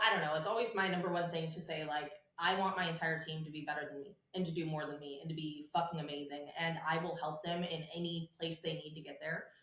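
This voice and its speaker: A woman's voice: low voice, a bit bright, roomy sound. A woman guest on a podcast, a salon business coach, talking in a bubbly, chatty way and swearing freely. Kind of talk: casual podcast interview.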